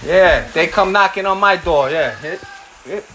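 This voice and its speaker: Blunt, lively man chatting while cooking. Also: high voice, a little slow, slight background noise. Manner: blunt, profane, animated. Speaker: home cook vlogger. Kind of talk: casual chat while cooking.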